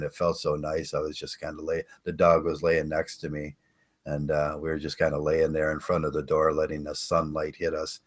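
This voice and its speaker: An older man hosting a casual podcast, rambling and chatting with listeners, halting with many fillers and restarts. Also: a bass voice. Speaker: podcast host. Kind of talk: casual live-stream chat.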